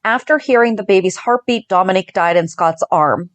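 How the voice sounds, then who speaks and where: A woman in her thirties, a podcast co-host chatting about a soap opera, telling the story fast and acting out the lines. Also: medium pitch, no room sound. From Northeastern US. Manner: chatty storyteller, acting out quotes, laughing often. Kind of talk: casual chat recapping a soap opera.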